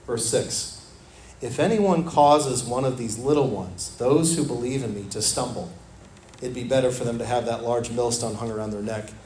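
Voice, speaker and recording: A man preaching a sermon as pastor in a church. He talks earnestly and repeats his phrases, dropping to a soft, low voice when he quotes scripture. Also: a little hiss or hum. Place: church sanctuary. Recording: echoey church room with faint ambience.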